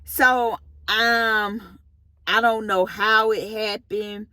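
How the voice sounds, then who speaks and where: A woman vlogger telling a personal story in a casual, animated, expressive way, using relaxed slang. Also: medium pitch, very slow, no echo. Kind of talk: storytime monologue.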